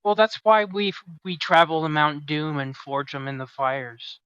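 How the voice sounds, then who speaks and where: Young male co-host with a sharp, bright voice, deadpan quips, recorded dry on a dull lo-fi mic. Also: fairly high pitch, normal speed, smooth, dry recording. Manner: dry, offhand jokes and quiet "mm-hmm" agreement. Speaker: podcast co-host. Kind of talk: casual chat.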